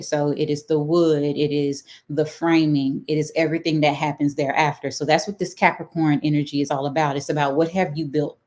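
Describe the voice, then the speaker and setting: Low-voiced Texan woman, chatty astrologer. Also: darkish tone. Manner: chatty, checks in with "right?" and "okay?". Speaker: astrologer hosting a live stream. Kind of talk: casual live-stream teaching.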